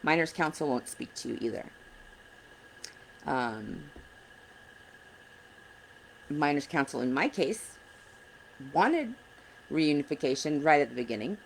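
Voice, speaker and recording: A woman's voice: low-pitched, expressive, measured pace, gravelly, pauses often, slight background noise, low-quality recording. A woman in her thirties giving earnest, blunt advice to other parents in a casual vlog, sounding frustrated. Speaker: parent advocate vlogger. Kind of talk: casual direct-to-camera advice.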